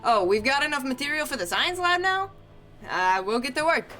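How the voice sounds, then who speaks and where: A woman voicing a gruff, practical rig foreman with a put-on New York accent as she reads a game's dialogue aloud. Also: high voice, big pitch swings, moderate pace, sharp tone, soft background music, voice pushed up, heavily acted. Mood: matter-of-fact.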